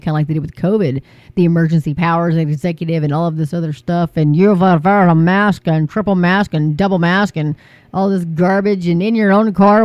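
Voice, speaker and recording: An American woman hosting an online talk show gives casual commentary to her viewers, speaking emphatically with many fillers and rising into pleading. Her voice is fairly low and mellow, and the audio is dull with no echo.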